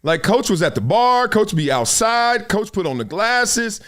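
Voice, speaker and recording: A man hosting a live sports talk show, giving opinionated commentary in a slangy, animated manner and laughing often. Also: high-pitched, unhurried.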